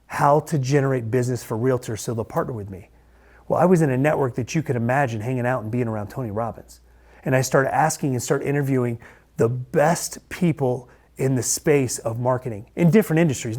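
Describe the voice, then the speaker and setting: A middle-aged man recounts his own story straight to the camera, earnest and conversational. He is a lender turned coach, and he leans on repeated phrases for emphasis. His voice sits at an ordinary pitch for a man. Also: darkish tone. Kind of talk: personal story told to camera.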